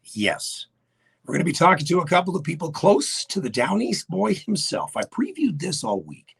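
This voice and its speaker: A man with a Newfoundland accent hosting a live radio show, hoarse and raspy from laryngitis, chatting casually and greeting viewers by name. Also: sits high, sing-song, moderate pace. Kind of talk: casual live-stream chat. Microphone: webcam setup for live video.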